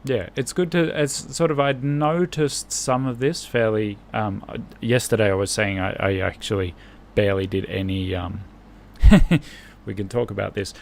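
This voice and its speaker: A man's voice: lowish voice, fairly even intonation, moderate pace, creaky. A man learning a language who chats casually on a live stream, hesitant and often restarting his sentences.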